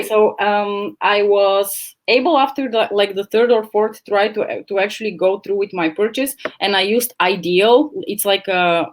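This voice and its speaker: Chatty woman on a laptop livestream, talks blunt, swears a bit, middle pitch. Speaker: livestream host. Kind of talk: casual chat. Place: home, at a laptop. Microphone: laptop camera mic.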